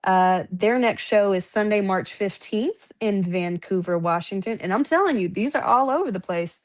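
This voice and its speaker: Woman in her 30s to 40s, wrestling promoter guest, chatty and loose, lots of "um"s, laughs easily, mid-pitched. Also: expressive, normal speed. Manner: chatty, laughs often, lists promotions with many fillers. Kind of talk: casual podcast chat.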